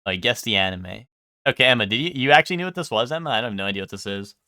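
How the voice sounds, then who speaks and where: A young male streamer talks to his chat in a bright, crisp voice, rambling and swearing as he goes. The sound is dry and close. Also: fairly low pitch, lively intonation, rapid-fire, no room sound. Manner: rambling, swears a lot, full of ums. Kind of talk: casual live-stream chat.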